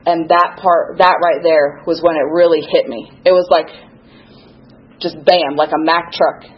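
A woman's voice: low-pitched, steady tone, unhurried, dull audio. A young woman giving a candid, self-deprecating recovery testimony, laughing at her own past. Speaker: recovery speaker sharing her story.

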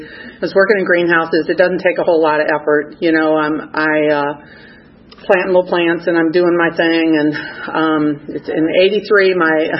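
Husky older woman telling her story. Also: low voice, muffled recording. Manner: rambling, frank, self-mocking, many fillers and restarts. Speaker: recovery meeting speaker. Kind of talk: personal testimony, casual storytelling.

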